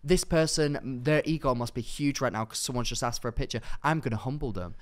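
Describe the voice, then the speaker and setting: A man's voice: medium pitch, fairly quick. A man in his twenties co-hosting a podcast, chatting casually and expressively, swearing and acting out what people said. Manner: expressive, swears freely, acts out quotes. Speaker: podcast co-host. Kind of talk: casual chat.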